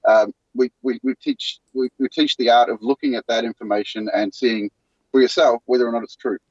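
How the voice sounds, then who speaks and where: A man's voice: mid-range voice, steady tone, husky, no room sound, dull audio. A man with a New Zealand accent, a guest talking earnestly from a van. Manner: earnest, halting with restarts. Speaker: guest, news show co-host. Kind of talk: casual interview talk.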